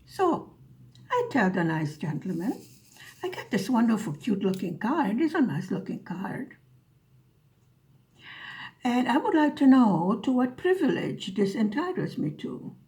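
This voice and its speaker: Woman, sarcastic storyteller, unhurried pace, mellow tone, casual craft vlog chat. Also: a little high, sing-song. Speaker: craft vlogger. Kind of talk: casual storytelling while diamond painting.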